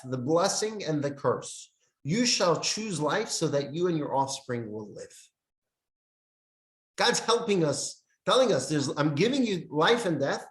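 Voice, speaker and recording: A man teaching a lesson on Jewish meditation, speaking in short emphatic phrases with pauses and reading from a handout. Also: a little high. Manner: reads from a text handout. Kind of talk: classroom lesson with storytelling. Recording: roomy echo.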